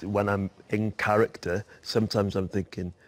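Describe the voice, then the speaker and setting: A stage actor speaking earnestly and reflectively in a documentary interview. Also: male voice, lowish voice, little pitch movement, normal speed.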